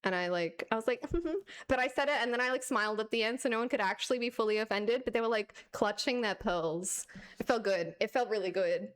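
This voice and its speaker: Woman streamer, young, higher-pitched; casual, sarcastic storytelling rant. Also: a little fast, clean tone. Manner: sarcastic, animated, laughs often.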